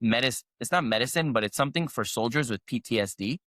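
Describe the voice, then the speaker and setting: A man's voice: mid-range voice, lively intonation, fast talker, a bit bright, no echo, clean studio sound. A man co-hosting a podcast, chatting casually and telling a rambling story full of fillers and restarts. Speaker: podcast co-host. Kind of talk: casual chat.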